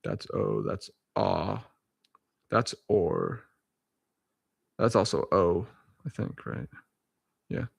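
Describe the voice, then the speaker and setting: Young guy reading out loud at home, chuckles a lot, fixes his own slips, dry no-echo sound. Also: low voice, sing-song, gravelly, breathy edge. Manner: halting, chuckling, self-correcting. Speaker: vlogger reading a dictionary aloud. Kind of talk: casual solo reading and chat.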